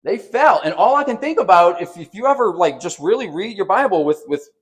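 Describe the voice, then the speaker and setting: A man preaches with a voice a little above the usual pitch. He delivers his sermon with animation, raising his voice to act out the quotes, and he often repeats and restarts his words. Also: lively intonation, brisk. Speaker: pastor.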